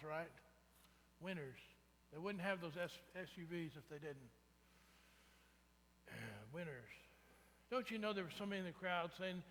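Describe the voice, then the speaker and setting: A pastor with a high-pitched, somewhat bright voice preaches a conversational sermon, frequently asking his congregation "right?" The recording carries the reverb of the church sanctuary.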